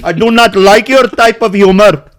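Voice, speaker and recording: A man doing a mock Indian accent for a prim, offended man, pitched well above his usual voice. He sounds formal and indignant, complaining in stiff, proper phrasing. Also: moderate pace, a bit bright. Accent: put-on Indian accent. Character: offended man scolding a joker.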